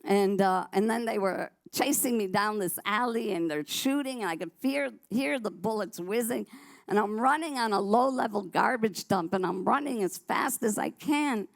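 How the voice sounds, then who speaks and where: A woman's voice: mid-range voice, moderate pace, vocal fry. A woman sharing her personal testimony on a church talk show, telling her story vividly and animatedly, often restarting her sentences.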